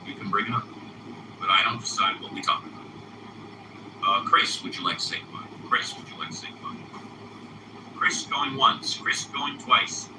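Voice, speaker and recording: A man hosts a live audio chat room, and his pitch rises and falls a great deal as he moderates. He drags out his calls and repeats phrases. The voice sounds distant and echoey, with clear noise underneath.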